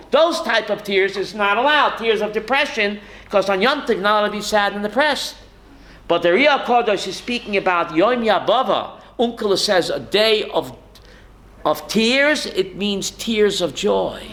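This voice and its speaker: Bright, lively rabbi teaching a class. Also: male voice, sits high, moderate pace, low-quality recording. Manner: lively, calls on students by name, quotes Hebrew sources. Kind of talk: Torah class. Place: classroom with students.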